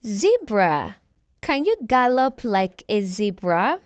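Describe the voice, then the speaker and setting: A woman's voice: mid-range voice, very animated, slow, dry recording, dull audio. A woman narrating an alphabet lesson for toddlers, prompting them to repeat each animal word. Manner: prompting listeners to repeat words. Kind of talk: slow scripted narration for toddlers.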